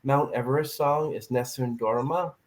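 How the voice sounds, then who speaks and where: A man hosting a podcast in casual chat, telling stories with lively, acted-out quotes. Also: mid-range voice, moderate pace, low-quality recording. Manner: animated storyteller, acts out quotes. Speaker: podcast host.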